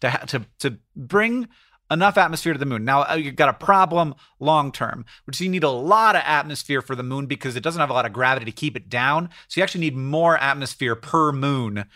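A man co-hosting a podcast in casual chat, explaining ideas in a rambling, excitable way full of fillers. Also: mid-range voice, brisk, no room sound, studio quality. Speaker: podcast co-host.

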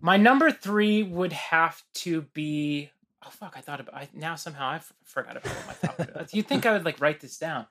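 A man's voice: fairly high pitch, lively intonation, brisk, a bit bright. A man guesting on a podcast, chatting loosely with lots of fillers, restarts and laughs. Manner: rambling, many fillers and restarts, laughs often. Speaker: guest musician. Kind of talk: casual podcast chat.

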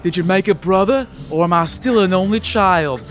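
A man voicing an unhinged, childish man hiding inside a keg, loud and wild. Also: high-pitched, normal speed, pitched above the performer's own voice, close to an everyday voice. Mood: manic.

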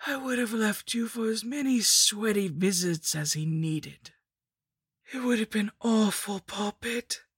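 A woman voicing a rotting, ancient female lich in a whispered role-play, with a slow, mocking, wheezing whisper. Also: on the high side, breathy edge, no echo, clean studio sound, pitched above the performer's own voice, heavily acted. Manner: slow, sing-song and mocking.

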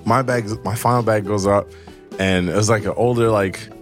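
A man co-hosting a podcast, telling stories in a loose, slangy, animated way. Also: fairly low pitch, moderate pace, faint music behind. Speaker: podcast co-host. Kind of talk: casual chat.

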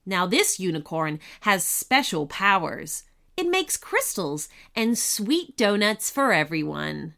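Expressive woman reading a children's story. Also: mid-range voice, gravelly. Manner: expressive, slow and soothing. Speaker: podcast host and storyteller. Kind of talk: bedtime story narration.

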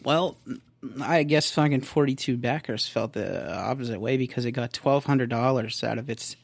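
A man's voice: mid-range voice, normal speed, creaky, dry recording. A man co-hosting a comedy podcast in a studio, chatting casually with a profane, sarcastic, jokey manner. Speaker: podcast co-host. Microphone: close studio mic, headphones.

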